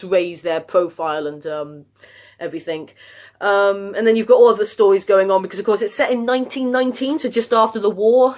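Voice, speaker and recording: A woman vlogger chatting casually about TV shows, rambling with many fillers and restarts. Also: mid-range voice.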